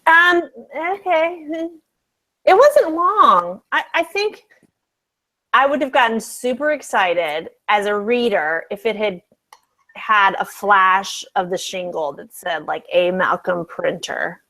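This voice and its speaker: A woman co-hosting a casual live chat over a video call, teasing, quick and candid. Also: medium pitch, expressive, bright, forceful tone. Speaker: co-host.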